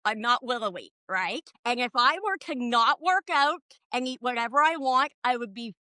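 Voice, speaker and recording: A woman comedian in casual podcast chat, profane and animated, ranting with big swings in loudness. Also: fairly high pitch, normal speed, no echo. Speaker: comedian guest.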